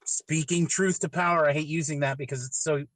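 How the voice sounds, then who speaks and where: A man hosting a casual podcast who asks questions in a halting way, repeating words and hedging as he goes. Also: on the high side, steady tone, a bit bright, no room sound, poor audio. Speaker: podcast host. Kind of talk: casual chat, asking questions.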